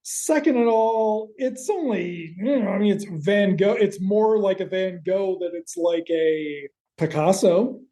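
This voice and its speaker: Mellow-voiced man rambling through a recap. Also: sits high. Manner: rambling, quick asides with casual swearing. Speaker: podcast co-host. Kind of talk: casual chat recapping a TV episode.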